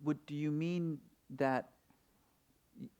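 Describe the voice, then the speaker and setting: A man's voice: a little high, fairly even intonation, slow, darkish tone, clean tone. A man interviewing an author, asking hesitant, probing questions.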